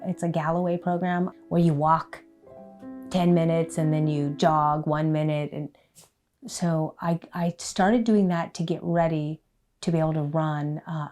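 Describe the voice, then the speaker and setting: Low-voiced middle-aged woman, earnest storyteller. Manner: earnest, self-deprecating, voice swings from hushed to loud. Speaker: interviewee in a documentary. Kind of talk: candid personal storytelling.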